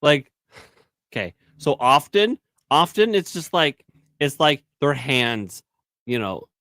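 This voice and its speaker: A man co-hosting a casual news podcast, telling animated stories and swearing freely. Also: on the high side, slow, no echo. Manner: animated storyteller, acts out voices, swears. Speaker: podcast co-host. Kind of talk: casual banter about news.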